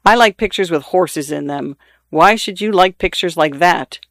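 A sullen husband with nothing to do but drink, blunt and surly in every short reply, as a male reader plays him. The voice is a bit high for a man, and it sounds dry and close. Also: normal speed, a bit bright, dry recording.

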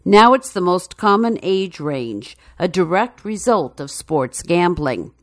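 A woman reading a news feature story in a measured, even narration. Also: on the low side, no echo, studio quality.

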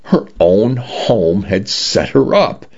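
A man narrates science fiction stories on the radio. His voice is very deep, gravelly and husky, slow but lively in pitch. The broadcast sounds dull and lo-fi. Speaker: radio story reader. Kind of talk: scripted narration.

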